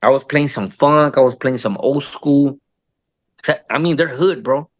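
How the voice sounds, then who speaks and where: A man in his thirties, a podcast guest, telling stories in casual slangy talk full of cursing, calling people "bro" and "fool", and jumping up in pitch to act out the voices of people he quotes. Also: unhurried. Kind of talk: casual storytelling interview.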